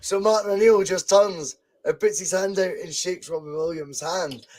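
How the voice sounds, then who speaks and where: A man co-hosting a casual podcast chat, telling stories in an animated way and swearing freely. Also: sits high, normal speed. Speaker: podcast co-host.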